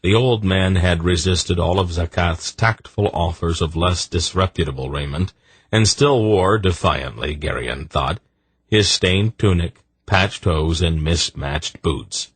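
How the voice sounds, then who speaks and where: A man narrating an audiobook in a measured, expressive storytelling manner. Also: low voice, breathy edge, no echo.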